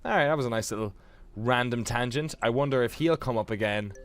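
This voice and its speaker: A man hosting a let's play in a casual, joking manner with plenty of swearing. His pitch sits in an ordinary middle range. Faint music runs behind him. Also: a little fast.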